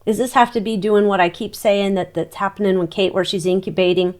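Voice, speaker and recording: A woman's voice: mid-range voice, steady tone, fairly quick, darkish tone. A woman giving a casual psychic tarot reading, chatty and exclamatory, talking to her cards as she turns them. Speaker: tarot reader.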